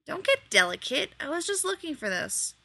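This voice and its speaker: A woman's voice: sits high, big pitch swings, moderate pace, pushed and bright, voice pushed up, full character voice. A woman reading the part of an easygoing, teasing man elf in a storybook tale.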